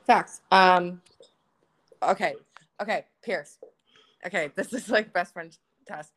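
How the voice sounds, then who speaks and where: A woman's voice: lowish voice, takes it slowly, a bit bright. A young woman co-hosting a podcast in casual chat, bubbly, laughing often and swearing freely. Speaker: podcast co-host.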